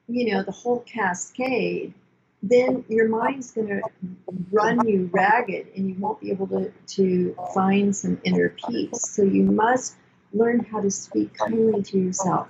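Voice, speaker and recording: Older woman therapist, gravelly and calm. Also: medium pitch, a little slow, dull audio, slight background noise. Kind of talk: conversational teaching.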